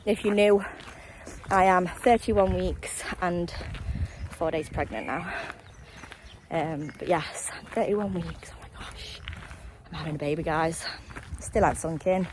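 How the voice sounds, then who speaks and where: A woman's voice: fairly low pitch, takes it slowly, pauses often, noisy background. A young woman vlogging casually on a countryside walk, rambling to her viewers and slightly out of breath. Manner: rambling, friendly, talks to viewers directly. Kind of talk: casual chatty vlog while walking.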